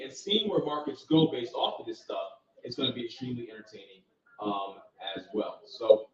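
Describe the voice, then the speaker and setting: A man hosting a live trading stream, walking viewers through market charts in a casual, direct way and thinking aloud. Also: medium pitch. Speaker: trading channel host. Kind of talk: live market commentary with screen share. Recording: roomy, distant, dull sound.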